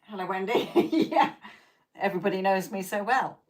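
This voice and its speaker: A woman's voice: mid-range voice, normal speed. A woman hosting a live tarot stream who chats with viewers in a blunt, profane way, laughs often, and keeps checking in with "okay?". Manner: coaching, repeats "okay?" to check in.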